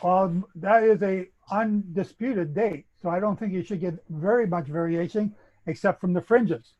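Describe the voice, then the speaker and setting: Speaking at a normal pace, a Canadian-accented man with a high, somewhat mellow voice lectures methodically on a bible chronology as a guest speaker. The recording has a lo-fi quality.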